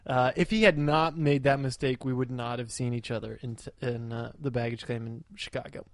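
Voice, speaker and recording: A man's voice: medium pitch, fairly even intonation, moderate pace, no room sound. Laughing rambling podcast man, dry sound. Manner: laughs often, rambling storyteller. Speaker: podcast co-host. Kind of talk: casual chat.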